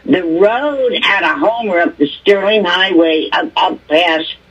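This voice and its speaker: A woman's voice: lowish voice, a little slow, a bit bright, breathy edge. An older woman from Alaska calling in to testify at a hearing, talking bluntly and with exasperation. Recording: muffled distant phone line.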